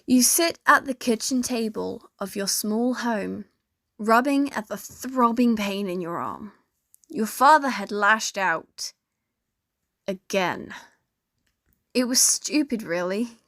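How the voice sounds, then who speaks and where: A young woman narrating a fan fiction story in second person, in a slow, steady storytelling manner. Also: fairly high pitch, no room sound, clean studio sound. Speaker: narrator and voice actor.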